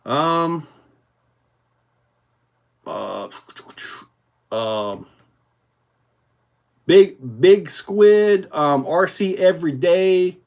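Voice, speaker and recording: Male livestream host, pitched a bit high, easygoing and rambling, talks through viewer comments. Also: extremely slow, pauses often. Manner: rambling, relaxed, many fillers. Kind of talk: casual livestream chat reading viewer comments.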